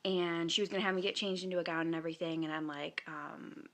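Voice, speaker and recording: A woman's voice: lowish voice, steady tone, fast, fairly bright tone. A young woman in her twenties, chatty and full of fillers, telling a personal story in a casual vlog. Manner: chatty, lots of fillers and laughs. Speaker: vlogger.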